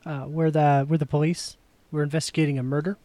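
A man playing a police officer in a tabletop game, asking halting questions. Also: a little high, little pitch movement, warm tone, no echo. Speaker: player.

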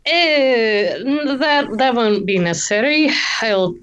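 Slow, halting woman player. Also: on the high side, animated, crowd noise. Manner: hesitant, halting. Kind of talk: casual tabletop game chat.

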